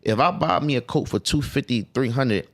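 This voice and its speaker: A man's voice: medium pitch, lively intonation, moderate pace. A man talking as a guest on a podcast, casual and emphatic, with profane streetwise phrasing. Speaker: clothing designer guest.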